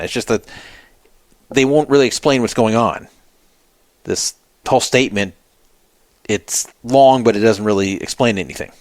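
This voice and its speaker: A man's voice: on the low side, no echo. A man hosting a solo podcast, talking casually and skeptically and reading out viewer comments in a wry way. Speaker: podcast host.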